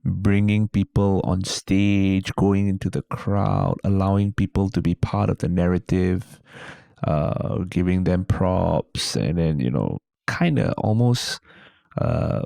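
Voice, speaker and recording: A man in his thirties with a Singaporean accent, telling stories as a comedian guest on a casual podcast, lively and quick to mimic voices. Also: low voice, gravelly, no room sound, clean studio sound. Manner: animated storyteller, slips into mimicry.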